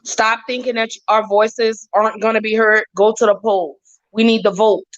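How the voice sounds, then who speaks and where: A woman speaking as a guest on a casual podcast, earnest and emphatic, returning to the same words again and again. Her voice sits at a middling pitch. The audio is dull and lo-fi. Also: little pitch movement, moderate pace. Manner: heartfelt, emphatic, repeats phrases.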